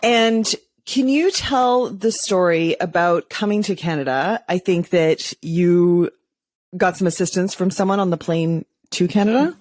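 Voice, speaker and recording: A woman's voice: fairly low pitch, unhurried, darkish tone, dry recording. A woman hosting a podcast interview, enthusiastic and casual in her questions. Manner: enthusiastic, casual, uses fillers. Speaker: podcast host. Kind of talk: interview conversation.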